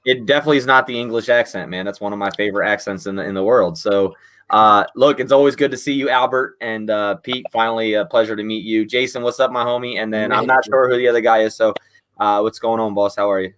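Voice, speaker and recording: A man's voice: on the low side, steady tone, fast talker, a bit bright, smooth. A man, a guest on a sports podcast, talking casually with lots of fillers. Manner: laid-back, many fillers like "man" and "you know". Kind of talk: casual chat.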